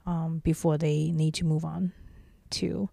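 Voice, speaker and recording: Gravelly low-voiced woman, earnest. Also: flat delivery, a little slow, warm tone, no echo. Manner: earnest, repeats and restarts phrases. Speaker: startup CEO, interview guest. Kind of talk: casual interview answers.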